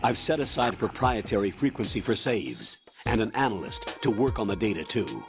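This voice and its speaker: Stern colonel. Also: male voice, on the low side, big pitch swings. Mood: calm, commanding. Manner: measured, authoritative briefing. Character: stern older male military colonel, commanding. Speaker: mission commander on radio. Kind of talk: video game voice acting. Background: game music.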